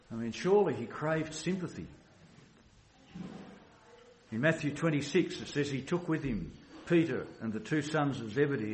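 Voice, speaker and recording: A man's voice: mid-range voice, darkish tone, a little hiss or hum. Man, pastor, sermon, earnest, restarts often, echoey room. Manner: earnest, with many restarts and "you know"s.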